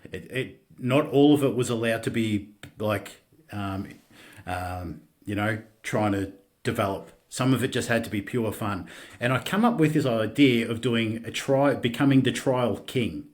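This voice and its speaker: Halting, candid Australian man. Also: lowish voice. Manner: halting, with many restarts and casual swearing. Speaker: podcast guest. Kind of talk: candid personal storytelling in a podcast interview.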